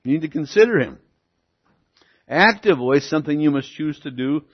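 A man's voice: a little high, animated, slightly rough. Lo-fi male preacher teaching scripture. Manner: teaching, asks the congregation "okay?" and "see?"; slows and stresses key words. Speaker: pastor. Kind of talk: sermon. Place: church. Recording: lo-fi church recording.

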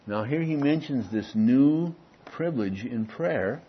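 A man preaching a teaching sermon, often checking in with "Okay?" and pressing key words before dropping low and quiet. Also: lively intonation, a little slow, lo-fi sound, slight background noise. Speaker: pastor.

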